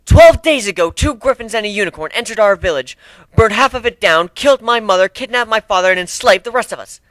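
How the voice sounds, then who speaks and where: A man's voice: sits high, expressive, moderate pace, sharp tone, no echo, voice pushed up, low-quality recording. A man voicing a fierce young cat-woman tribal warrior who speaks in a proud, accusing, formal way. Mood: grieving.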